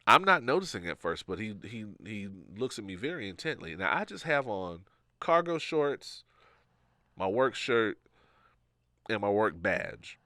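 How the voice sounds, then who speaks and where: A man co-hosting a podcast, telling a story in a casual, animated way and acting out the people he quotes. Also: lowish voice, a little slow, dry recording, clean studio sound. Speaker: podcast co-host.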